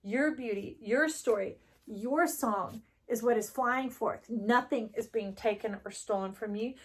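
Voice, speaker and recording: A woman casually giving a spiritual tarot reading to her viewers, chatty and upbeat, now and then jumping into excited high bursts. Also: measured pace. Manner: animated, spiritual, chatty, jumps into excited highs. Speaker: tarot reader.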